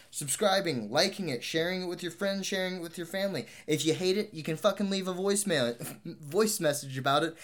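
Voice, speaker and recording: Profane, joking podcast host. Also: male voice, a little high. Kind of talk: casual podcast outro and disclaimer.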